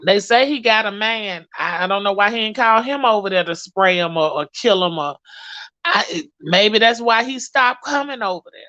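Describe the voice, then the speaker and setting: Woman gossip vlogger, AAVE, bright punchy voice, dry close recording, profane and sassy. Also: on the high side, no room sound, dull audio. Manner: sassy, profane, animated storytelling. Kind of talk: casual commentary to viewers.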